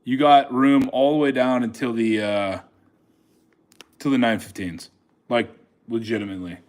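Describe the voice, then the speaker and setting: A man's voice: mid-range voice, fairly even intonation, normal speed, darkish tone. A man casually talking through his live day trades, speaking to the chart and laughing often, recorded on a phone he holds in his hand. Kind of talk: casual live trading commentary. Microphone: phone held in hand.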